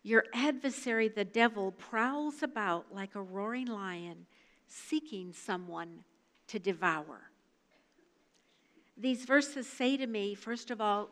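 An older woman giving a devotional talk, reading scripture and telling a personal story in an earnest, measured way. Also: medium pitch, fairly bright tone. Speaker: devotional speaker. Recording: long hall reverb.

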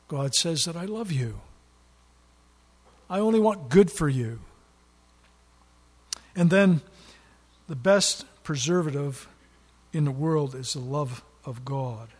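A man's voice: on the high side, husky. A man preaching a sermon in an earnest way, leaning hard on key words for emphasis. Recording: long hall reverb.

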